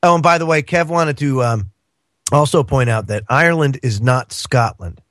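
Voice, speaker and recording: A man's voice: mid-range voice, moderate pace, fairly bright tone, no echo, studio quality. A man appearing as a guest on a radio talk show, chatting casually about politics in a rambling way, with lots of fillers and chuckles.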